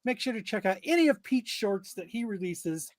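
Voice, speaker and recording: A man's voice: high-pitched, lively intonation, moderate pace, background noise. A man hosting a casual podcast, laughing often as he signs off the show. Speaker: podcast host. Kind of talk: casual chat.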